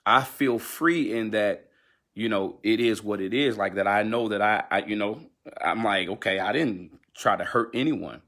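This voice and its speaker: Low-voiced man telling his story candidly. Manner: animated storytelling, halting with fillers and restarts. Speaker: gospel singer. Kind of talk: candid personal account on a livestream.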